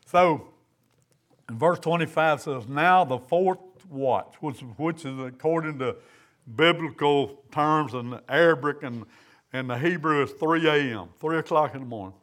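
A man's voice: on the high side, lively intonation, measured pace, fairly bright tone. A man preaching a sermon in a church, in a folksy, conversational way. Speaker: pastor.

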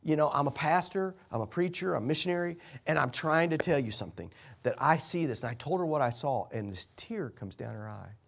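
A man pastor telling a story in a sermon, animated and rambling, shouting for emphasis before a congregation. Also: on the high side, brisk, creaky.

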